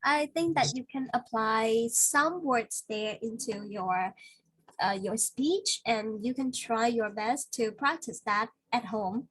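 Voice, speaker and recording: A woman teaching an English vocabulary lesson one-on-one, explaining patiently and filling pauses with "like" and "uh". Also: fairly high pitch, husky, dry recording, rough recording. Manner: patient explaining with many fillers.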